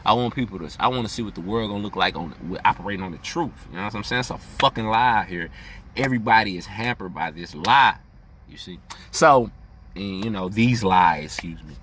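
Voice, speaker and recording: Profane, animated man musing on astrology. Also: on the low side, slight background noise. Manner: profane, animated, rambling, laughs often. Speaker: astrology vlogger. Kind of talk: casual monologue.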